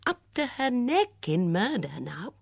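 An elderly lady sleuth lays out a murder in measured, earnest tones, voiced by a woman reader. Her pitch rises and falls widely. The sound is close and dry. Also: very animated, vocal fry, breathy edge, dry recording, heavily acted. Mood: urgent. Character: elderly woman sleuth, gentle but grave.

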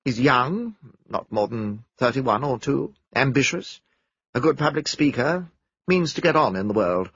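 A man reading an audiobook, voicing a composed young woman who answers in a crisp, matter-of-fact way. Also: mid-range voice, expressive, unhurried, a bit bright, dry recording, muffled recording, pitched above the performer's own voice, exaggerated voice. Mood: cool.

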